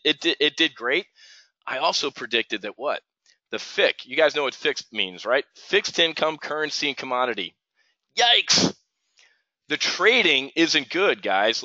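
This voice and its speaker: A man's voice: mid-range voice, sharp tone, no room sound. A middle-aged man from New Jersey hosting a live options trading stream, ranting and replying to viewers in chat by name. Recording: dull lo-fi stream audio.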